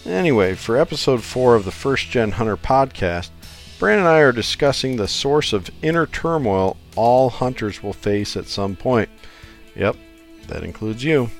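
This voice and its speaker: A man's voice: mid-range voice, animated, moderate pace, faint music behind. A man co-hosting a casual podcast chat, joking and loose, often restarting his sentences. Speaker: podcast co-host.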